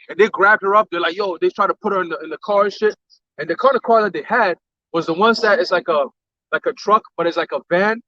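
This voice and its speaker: Male co-host, high pitched, animated storyteller, dry lo-fi recording. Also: quick pace, dry recording. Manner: animated storytelling with acted quotes. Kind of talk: casual religious talk chat. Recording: dull lo-fi sound.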